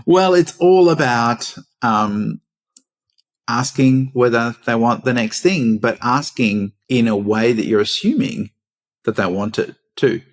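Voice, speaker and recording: A man's voice: medium pitch, animated, a little slow. Man, podcast co-host, teasing, laughs easily, casual chat.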